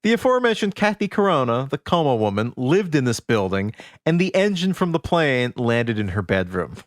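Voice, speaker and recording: A man's voice: medium pitch, normal speed, dry recording, studio quality. A man co-hosting a podcast, casually recounting odd facts with playful asides. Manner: animated storytelling, playful asides. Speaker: podcast co-host.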